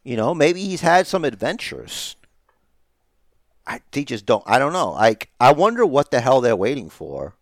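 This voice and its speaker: A man's voice: medium pitch, very animated, moderate pace, dry recording, clean studio sound. Congested, rambling man on a podcast. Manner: rambling, profane, joking. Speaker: podcast co-host. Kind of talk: casual chat.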